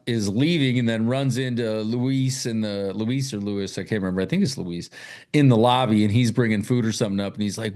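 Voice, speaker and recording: A man co-hosting a podcast, casually recapping a horror movie with lots of swearing and acted-out quotes. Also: lowish voice. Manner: profane, animated retelling with quoted voices. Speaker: podcast co-host.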